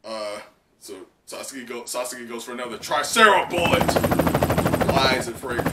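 A young man hosting a live comic reaction, excitable and full of fillers and laughs. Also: mid-range voice, moderate pace, recorded from a distance, heavy background noise. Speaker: manga reaction channel host. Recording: roomy sound from off mic.

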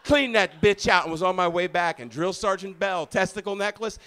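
A male comedian tells a personal story live on stage in a mid-range voice. He is animated and profane. He shifts from loud, punchy bursts to hushed, confessional stretches. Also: high voice, normal speed, soft background music.

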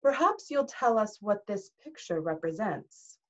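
A woman reading aloud, voicing a stern, demanding older male teacher who speaks slowly and formally, on a dull recording. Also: mid-range voice, very animated. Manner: slow, measured, formal.

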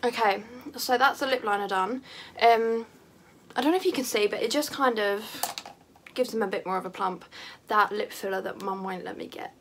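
In this casual makeup tutorial, a teen beauty vlogger talks at a moderate pace in a medium-pitched voice, with slight background noise. She's chatty and self-mocking, and her talk keeps drifting into rambling asides.

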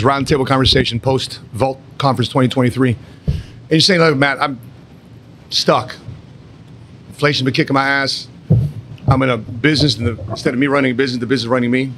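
A man's voice: mid-range voice, steady tone, fast, a bit bright, slight background noise. A man hosting a roundtable, speaking straight to viewers in a direct, motivational way. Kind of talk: addressing viewers in a talk.

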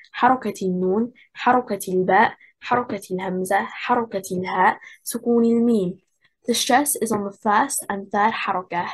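A woman presenting a scripted lecture in a measured reading voice, chanting Arabic example words aloud as demonstrations. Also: medium pitch, slightly rough, low-quality recording. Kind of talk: scripted lesson narration.

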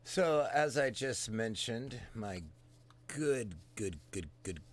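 A man's voice: medium pitch, lively intonation, takes it slowly. A man hosting a casual podcast, talking crudely and offhand while he plays back old footage. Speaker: podcast host. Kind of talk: casual chat over old video footage.

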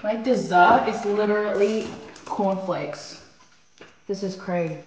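A woman's voice: medium pitch, slow pace, heavy background noise. A young woman vlogging casually at home, bubbly and chatty with playful asides. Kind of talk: casual vlog talk to camera. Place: at home, small rooms. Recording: echoey home room with music.

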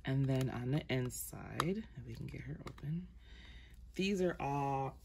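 A woman's voice: extremely low pitch, animated, a little slow, creaky, dark tone, slight background noise. A woman vlogger chatting casually through her makeup collection, rambling with ums and self-corrections. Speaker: beauty vlogger.

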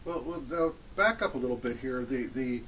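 A man's voice: medium pitch, animated, moderate pace, a bit bright. A man interviewing for an oral history project, asking questions with hesitant restarts.

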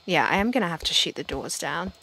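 A woman giving playful, excitable commentary over her video game playthrough. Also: lowish voice, quick pace, creaky, husky. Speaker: gameplay streamer. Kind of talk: casual gameplay commentary.

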